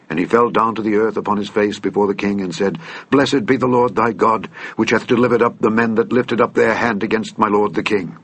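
A man reading an old Bible text aloud in a measured, solemn way. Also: lowish voice, breathy edge. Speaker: scripture reader.

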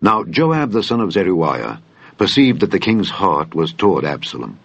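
Deep husky man reading scripture solemnly. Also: sing-song, fairly bright tone. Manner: solemn, measured, archaic phrasing. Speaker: Bible reader. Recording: dull lo-fi dry recording.

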